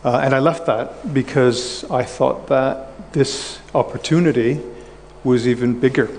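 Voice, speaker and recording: A man speaking on stage as a conference guest, nervous, restarting his sentences and filling pauses with "um". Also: mid-range voice, darkish tone. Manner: halting, repeats words, many fillers. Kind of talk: on-stage conversation. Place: large conference hall. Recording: hall reverb, faint background noise.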